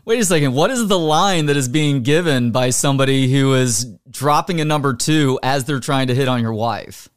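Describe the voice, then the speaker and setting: A man hosting a radio show, amused and jumping in with a quick question. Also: mid-range voice, smooth, dry recording, clean studio sound. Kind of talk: casual radio chat.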